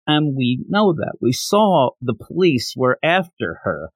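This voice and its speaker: Unhurried and mid-range, the man's voice has no room sound around it. He hosts a podcast about manga, cheerfully giggling through a chapter recap and animatedly acting out its dialogue.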